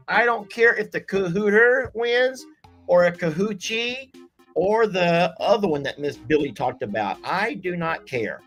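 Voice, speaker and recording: A man's voice: sits high, a bit bright. A man hosting a live game night stream, chatting in a folksy way and reading viewer comments aloud. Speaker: livestream game host.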